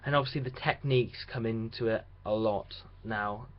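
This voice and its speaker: A man's voice: fairly low pitch, fairly even intonation, moderate pace. A young man talking through a casual video diary about his radio drama rehearsals, chatty and rambling with restarts. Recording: dull lo-fi sound with faint hiss.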